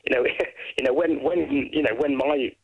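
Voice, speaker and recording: A man from Brighton, England, a guest chatting casually and rambling through his memories. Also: medium pitch, steady tone, moderate pace, no echo, lo-fi sound. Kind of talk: casual chat.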